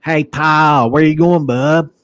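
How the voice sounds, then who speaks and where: A man imitating his gruff shouting father. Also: a little high, fairly even intonation, no echo, voice pushed up. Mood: yelling. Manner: shouting, drawn-out and raised. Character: gruff working-class father yelling at his son.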